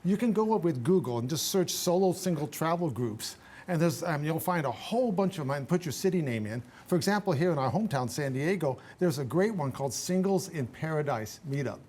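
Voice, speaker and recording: An older man, a guest on a radio talk show, giving travel advice in an animated, emphatic way with frequent restarts. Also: on the high side, fairly quick, husky.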